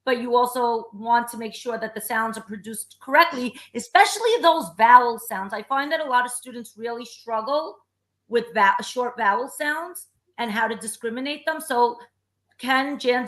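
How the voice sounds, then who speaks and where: A woman's voice: on the high side, a bit bright. A woman co-host with a Brooklyn accent, sharing thoughts and asking questions conversationally. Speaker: podcast co-host. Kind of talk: casual panel discussion.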